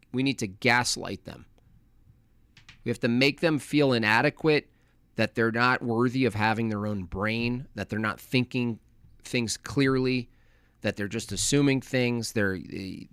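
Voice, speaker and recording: A man's voice: on the low side, a bit bright, dry recording. Man, livestream host, mocking, opinionated, dry close mic. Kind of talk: casual livestream rant reading chat.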